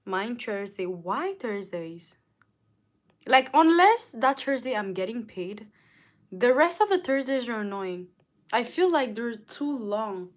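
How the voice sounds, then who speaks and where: A woman's voice: on the high side, big pitch swings, slow pace. A young woman from Africa chatting casually on a livestream, reading viewer comments aloud and answering them, with lots of "like". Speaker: livestream host.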